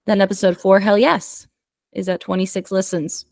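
A woman's voice: medium pitch, flat delivery, normal speed, gravelly, dry recording, clean studio sound. A woman co-hosting a podcast in casual chat, playfully reading out listener stats. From United States. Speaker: podcast co-host.

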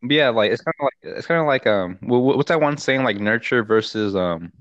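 A young man in a casual chat who talks haltingly, with many restarts and fillers, and laughs often. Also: mid-range voice, expressive, fairly bright tone, no echo, muffled recording.

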